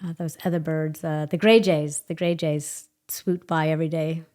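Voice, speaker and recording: Female guest, lower voice, lively storyteller who laughs and acts out voices. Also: normal speed. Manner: animated, laughs often, acts out quoted voices. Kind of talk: conversational storytelling.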